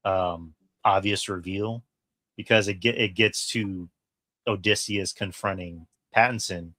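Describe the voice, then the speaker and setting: A man co-hosting a podcast, chatting casually and excitedly about a film, swearing freely and acting out quoted lines. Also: sits low, measured pace, no echo. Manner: excited, profane, retells scenes with quoted lines. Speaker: podcast co-host. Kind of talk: casual film review chat.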